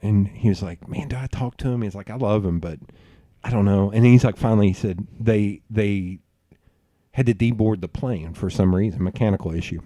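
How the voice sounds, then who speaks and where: A man hosting a podcast, telling rambling stories in a loose, profane, animated way. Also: on the low side, moderate pace, no room sound, clean studio sound. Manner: animated, profane, rambling storyteller who bursts into laughs. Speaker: podcast host. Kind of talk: casual storytelling chat.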